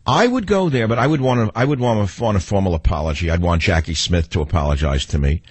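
A man's voice: low-pitched, animated, fast talker, slightly rough, no echo. A man with a New York accent hosting a talk radio show in a combative, sarcastic monologue.

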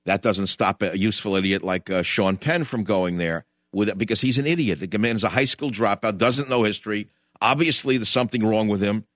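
A man's voice: on the low side, brisk, a bit bright, no room sound. A male radio talk host with a sarcastic, mocking manner. His voice sounds dry and close, with a slightly dull, narrow tone from the studio. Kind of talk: combative call-in radio talk.

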